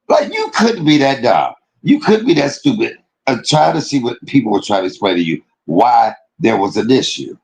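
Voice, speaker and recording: Animated gravelly man from Detroit. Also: medium pitch, measured pace, rough recording. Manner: animated, profane, laughs often. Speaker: livestream host. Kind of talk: casual ranting livestream talk.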